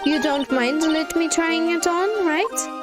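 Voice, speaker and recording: A woman voicing a carefree young female circus animal tamer in a high, airy, sing-song voice. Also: takes it slowly. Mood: chirpy. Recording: game music playing behind.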